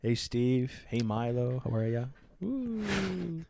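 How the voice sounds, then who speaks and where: A man's voice: medium pitch, sing-song, takes it slowly, gravelly. Playful man, easygoing banter. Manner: playful, bursts into loud silly voices. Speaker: podcast co-host. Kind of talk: casual comedic banter.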